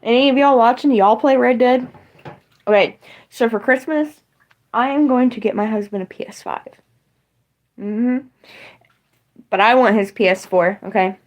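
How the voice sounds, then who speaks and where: A woman's voice: fairly high pitch, moderate pace, pauses often, dull audio. A young woman with a West Virginian accent, chatting casually and rambling on a livestream from her home kitchen, swearing freely as she talks to viewers.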